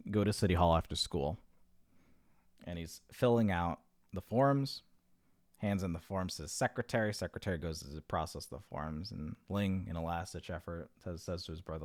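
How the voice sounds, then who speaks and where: A man with a low voice tells a long shaggy-dog joke in a loose, rambling way, leaning on "like" and acting out each character's lines. The sound is close and dry. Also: moderate pace, pauses often, no room sound. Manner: rambling, full of "like" and restarts, acts out characters' lines. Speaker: joke teller. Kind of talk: casual storytelling of jokes.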